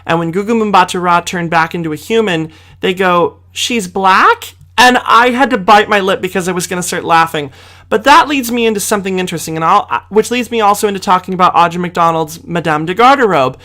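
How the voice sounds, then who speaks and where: A man's voice: high voice, fairly quick, pushed and bright. A man giving a casual video review of a film, chatty and gushing, with theatrical asides.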